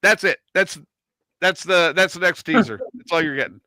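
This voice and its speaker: Middle-aged male host, animated storyteller, high bright voice, dry close sound. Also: normal speed, no room sound. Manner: animated storyteller acting out quotes. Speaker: podcast host telling a story. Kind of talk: casual storytelling chat.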